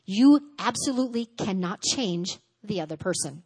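A woman giving a teaching sermon at a church service, lively and conversational, acting out little dialogues and checking in with her listeners. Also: medium pitch, normal speed, slightly rough. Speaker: church speaker.

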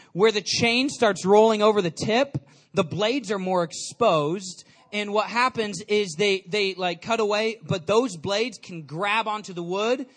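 A man giving an energetic storytelling sermon to a live audience, chatty and calling out questions to the crowd. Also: high voice. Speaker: youth speaker.

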